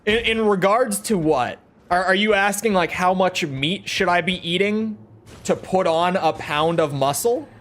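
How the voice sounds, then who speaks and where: A man's voice: sits high, measured pace, a bit bright. A young man in his twenties chatting casually on a gaming stream, talking from the throat to project his voice.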